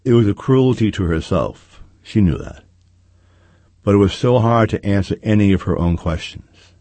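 A man reading a story aloud at a measured, steady pace, saying "quote" and "end quote" around each line of dialogue. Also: on the low side, no room sound. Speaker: narrator. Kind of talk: audiobook reading.

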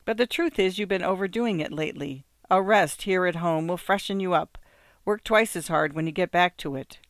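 A man's voice: high-pitched, moderate pace, fairly bright tone, dry recording, clean studio sound. A man doing a jovial older husband. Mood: soothing. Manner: jovial, reassuring. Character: hearty older husband, cheerful and soothing.

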